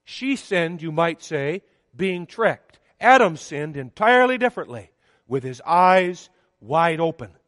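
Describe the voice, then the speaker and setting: Preaching in a lifted, high and a bit bright voice, a man is very animated yet measured and emphatic, his voice rising and falling on the important words. A long reverb fills the church hall despite the close, dry sound.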